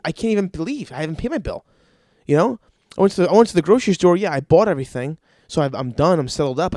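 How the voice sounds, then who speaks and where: A man's voice: on the high side, darkish tone, no room sound. Profane, exasperated young man ranting. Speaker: podcast host. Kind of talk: casual ranting monologue.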